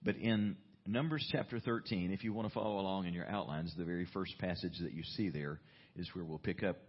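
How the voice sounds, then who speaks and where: A man delivers a sermon, telling a Bible story in a lively, animated way and reading passages aloud. His voice sits low and sounds husky. The recording is dull and lo-fi. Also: fairly quick. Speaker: pastor.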